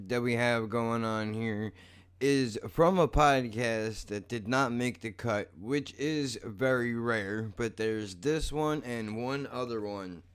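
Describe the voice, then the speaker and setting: A young man hosting a podcast that he also edits, talking in animated, casual banter full of laughs, swearing and "bro". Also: mid-range voice, takes it slowly. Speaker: podcast host who edits the show.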